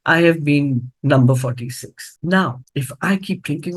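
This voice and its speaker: An older woman giving a motivational talk to students, telling her story with earnest storytelling and lively acted-out quotes. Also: sits low, measured pace, hardly any pauses, breathy edge, low-quality recording. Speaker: motivational speaker.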